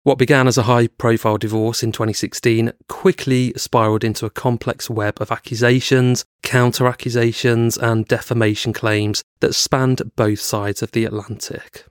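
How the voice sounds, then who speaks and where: A man's voice: mid-range voice, little pitch movement, moderate pace, hardly any pauses, clear, resonant tone, dry recording, clean studio sound. A man co-hosting a podcast, chatting casually and swearing now and then, then reading scripted narration. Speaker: podcast co-host. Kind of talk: casual chat and read narration.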